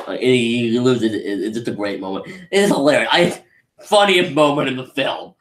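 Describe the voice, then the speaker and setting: A man giving a casual, rambling live anime review, excitable and full of restarts. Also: medium pitch. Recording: echoey room.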